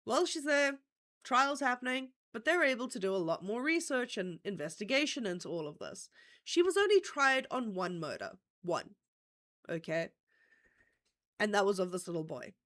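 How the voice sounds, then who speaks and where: A woman's voice: mid-range voice, sing-song, moderate pace, a bit bright. A woman hosting a livestream, telling a true-crime story in a casual, chatty way, often checking in with "okay?" and swearing offhandedly. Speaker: stream host.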